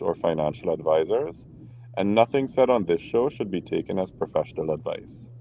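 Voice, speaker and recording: A man's voice: low voice, mellow, slight background noise. A man co-hosting a late-night relationship talk show, playful and prone to stammering restarts, still getting over a cold. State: recovering from a cold. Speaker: podcast co-host.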